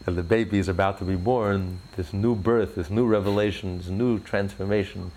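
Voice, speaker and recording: A man speaks with fervent conviction, his low voice carrying a gravelly texture. His talk rises in emphatic surges, pressing each point hard. There is a faint ambient hiss behind him. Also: steady tone, normal speed, a little mellow. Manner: fervent, builds to rising emphatic peaks. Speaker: religious speaker. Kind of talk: impassioned religious talk.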